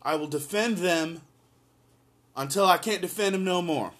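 A man's voice: sits high, moderate pace, fairly bright tone. A man giving impassioned solo political commentary and reading an article aloud, blunt and emphatic, repeating lines for force.

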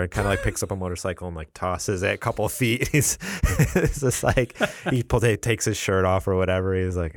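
A man co-hosting a casual podcast chat, talking animatedly and acting out scenes with quick quoted voices and laughs. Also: low-pitched, expressive, no echo, studio quality. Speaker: podcast co-host.

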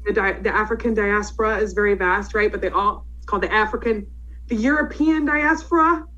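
A woman's voice: medium pitch, brisk, pushed and bright, lo-fi sound. A young woman chatting casually as a co-host, swearing freely and laughing as she rambles. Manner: profane, laughing often, rambling. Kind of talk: casual chat.

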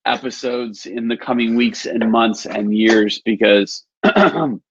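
A man's voice: medium pitch, steady tone, slow pace, slightly rough, lo-fi sound. Upbeat man hosting a live podcast. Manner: rambling, filler-heavy, upbeat. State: partly losing his voice. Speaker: podcast host. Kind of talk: casual live-stream chat.

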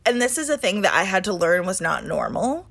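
A woman in her twenties co-hosts a podcast, chatting casually with frequent "like" fillers and free, occasional swearing. Her medium-pitched, slightly bright voice is very animated and fairly quick, with vocal fry.

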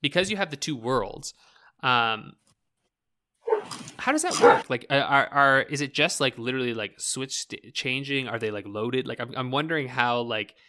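A man's voice: mid-range voice, moderate pace, bright, forceful tone. A man interviewing game developers in a casual, chatty way, laughing easily and asking rambling questions.

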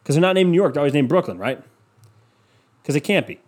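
A young Cleveland man hosts a solo podcast from a home room with the windows open, his voice on the high side, expressive, and darkish as he talks fast. He rambles in a scatterbrained, sarcastic rant laced with swearing.

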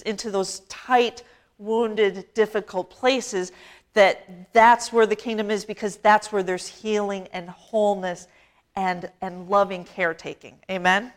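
A woman pastor preaching a sermon in a church, talking conversationally and asking the congregation questions, with slow, emphatic phrases. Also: medium pitch. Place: church sanctuary.

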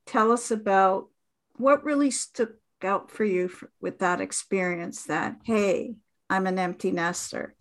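A woman in her fifties hosting a podcast, telling a heartfelt personal story in an unhurried, reminiscing way. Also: mid-range voice. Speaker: podcast host. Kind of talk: conversational storytelling.

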